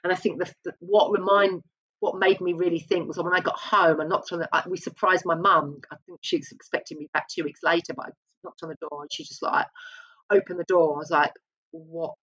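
A woman's voice: on the low side, fairly even intonation, brisk, fairly bright tone, slightly rough, highs cut off. A woman speaking as an interview guest, open and reflective, often restarting her sentences. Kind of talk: candid conversational interview.

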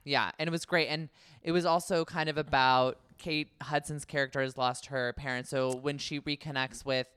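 A man's voice: medium pitch, fairly even intonation, moderate pace, a bit bright, smooth, no echo. A man from California co-hosting a film podcast, chatting in an earnest, gushing way. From Concord, California. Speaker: podcast co-host. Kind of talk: casual chat.

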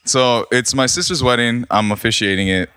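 A man's voice: mid-range voice, moderate pace, pushed and bright, clear, resonant tone. A young man co-hosting a casual podcast, joking and telling a heartfelt story with casual swearing. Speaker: podcast co-host. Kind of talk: casual chat.

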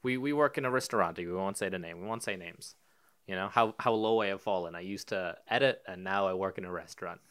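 A man's voice: deep voice, quick pace, fairly bright tone, smooth. A young man with an Irish accent, co-hosting a podcast and ranting in casual chat, swearing freely. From Ireland. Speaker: podcast co-host.

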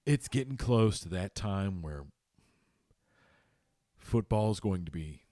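A man's voice: deep voice, lively intonation, slow pace, warm tone, no echo, studio quality. A man co-hosting a casual sports podcast, loose and rambling, swearing freely. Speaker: podcast co-host.

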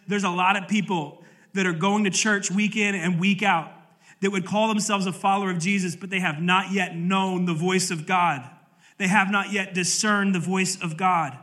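A male pastor delivers an earnest, emphatic sermon to a church congregation. His voice sits high for a man and rings bright. He reads scripture and presses his points with conviction. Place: church service.

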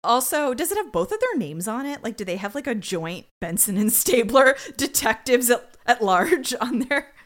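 Fairly high-pitched and a bit bright, this woman's voice makes big pitch swings. She's a podcast co-host recapping an episode for laughs, swearing, sarcastic, and acting out the characters in quick voices.

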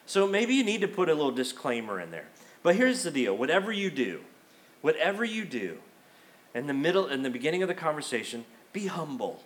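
Brisk and swinging widely in pitch, this fairly high-voiced, middle-aged pastor preaches from the church sanctuary. His style is chatty but forceful, and he breaks into acted-out quotations as he makes his points.

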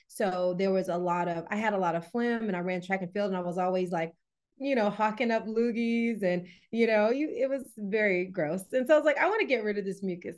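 Woman, podcast guest, wellness coach, chatty storyteller, casual interview. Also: medium pitch. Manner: lively storyteller, laughs often, many fillers.

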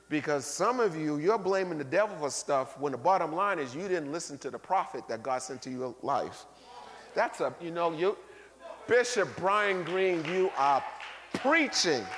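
Lively bishop preaching, fairly high voice, booming then hushed, long church reverb. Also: male voice. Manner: animated, acts out quoted people, swings from loud to quiet. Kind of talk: sermon. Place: large church sanctuary. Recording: long reverb of a large hall.

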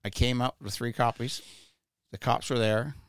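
A man's voice: medium pitch, fairly even intonation, moderate pace, clear, resonant tone, dry recording. A man in the middle of his voice telling a personal story in loose, profane, blunt talk. He stumbles and repeats words as he goes. The sound is close and dry, with no room around it. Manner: profane, blunt, stammers and repeats when worked up. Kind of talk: casual podcast storytelling.

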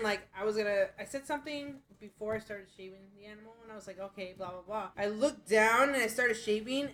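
A woman's voice: medium pitch, a bit bright, rough recording. A woman in casual podcast chat, telling a story bluntly and animatedly, swearing freely.

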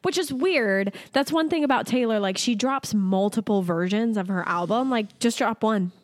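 A woman's voice: on the high side, moderate pace, no room sound, studio quality. A young woman co-hosting a casual podcast, gushing and laughing often as she chats. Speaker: podcast co-host. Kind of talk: casual chat.

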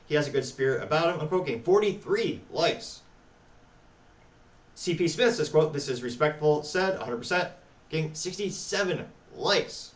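A man hosting a talk show, reading social media replies aloud with wry, deadpan asides. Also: on the high side, moderate pace, echoey room, distant mic. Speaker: podcast host.

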